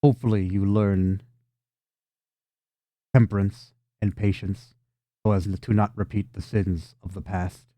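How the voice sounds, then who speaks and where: A man voicing an ancient water elemental who speaks slowly, gravely and gently. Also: low-pitched, little pitch movement, dry recording, voice pushed down. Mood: solemn.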